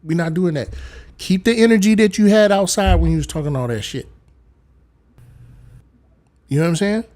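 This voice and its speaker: A man with a high, darkish voice hosts a live stream at a moderate pace, spinning rambling comic stories. It's casual comedic chat, and he keeps slipping into different voices as he goes.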